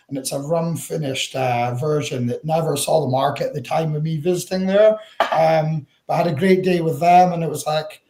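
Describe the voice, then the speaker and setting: A Northeast Scottish man chats as a guest over a video call, his voice sitting a little high. He rambles through stories with plenty of wee asides and laughs. The sound is echoey, as from a bare room at home. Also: mellow. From Northeast Scotland. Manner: chatty storyteller, laughs often, uses Scots words like wee. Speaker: guest, whisky ambassador.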